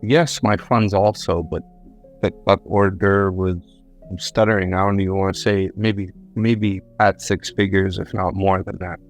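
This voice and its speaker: A man's voice: low-pitched, little pitch movement, unhurried, faint music behind. A man telling how a deal went wrong, in a rambling way that repeats and corrects himself. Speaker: guest, government contractor. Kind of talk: conversational storytelling.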